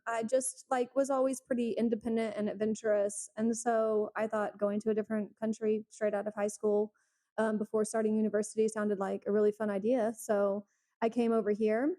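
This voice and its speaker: A Texan woman in her thirties chats on a podcast from her couch at home. Her voice sits a touch high yet sounds mellow and warm. A slight lisp softens her direct, storytelling delivery. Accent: Texan American. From Texas, United States. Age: 30s. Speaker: podcast co-host. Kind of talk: casual chat.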